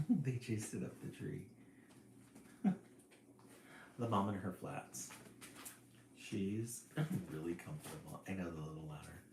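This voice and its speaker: A man's voice: deep voice, slow, gravelly, pauses often. A man reading a picture book on a livestream, amused and laughing often between pages. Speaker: livestream reader. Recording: roomy echo, faint noise.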